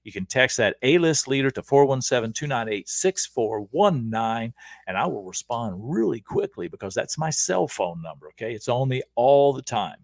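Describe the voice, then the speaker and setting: Upbeat coach with a dry close sound. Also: male voice, mid-range voice, normal speed, creaky, dry recording. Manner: energetic, repetitive, checks in with "okay?". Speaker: leadership coach and show host. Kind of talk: casual livestream talk to viewers.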